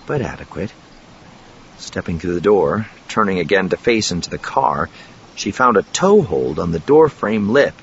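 A man reading a novel aloud in steady, measured narration. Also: sits low, muffled recording, a little hiss or hum. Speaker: audiobook narrator. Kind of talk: scripted narration.

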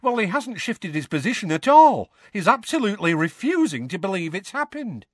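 A young witch, earnest and a bit gloomy, speaking high and light, as a male narrator puts her on. Her lines rise and fall with feeling, and the reading is dry and close. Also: big pitch swings, normal speed, dry recording. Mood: earnest, sad. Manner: raised pitch, soft and sorrowful.

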